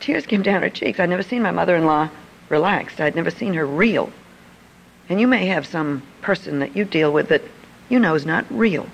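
A woman's voice: fairly low pitch, lively intonation, normal speed, creaky, dull audio, slight background noise. An older woman telling a personal story to an audience in a confiding manner. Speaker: speaker. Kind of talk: storytelling talk.

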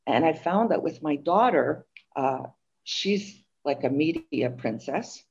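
A woman's voice: deep voice, takes it slowly, husky, lo-fi sound. An older woman from Montreal, a guest author chatting in an interview and telling stories with lots of fillers. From Montreal, Canada. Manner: chatty, animated storytelling with fillers. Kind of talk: interview chat.

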